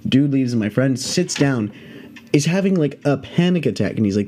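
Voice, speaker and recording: A man's voice: medium pitch, animated, normal speed, darkish tone. A man hosting a podcast, telling a story in a casual, rambling way full of swearing and fillers. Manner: profane, rambling, filler-heavy. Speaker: podcast host.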